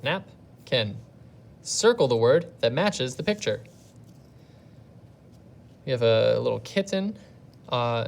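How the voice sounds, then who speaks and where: A woman elementary teacher recording a lesson for pupils learning at home. She works through every question out loud, patient and methodical, pausing to weigh each choice. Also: a bass voice. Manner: patient, thinks aloud step by step.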